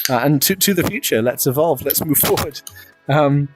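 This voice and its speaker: A man's voice: on the high side, normal speed, over music. A British man streaming live, chatty and self-deprecating, laughing often as he talks to viewers. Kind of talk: casual live-stream chat.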